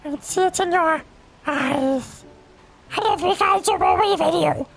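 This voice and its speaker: A man voicing a pompous old male Nopon sage, a tiny creature, in a squeaky high put-on voice, reading game dialogue. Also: measured pace, gravelly, a bit bright, faint music behind, full character voice. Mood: haughty. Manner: haughty, stately and condescending.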